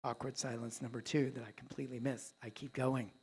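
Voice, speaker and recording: A man giving a keynote talk on a live conference stage, telling a story with dramatic swings between loud and hushed delivery. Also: mid-range voice, little pitch movement, a little fast, husky. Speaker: dentist and coach, keynote speaker.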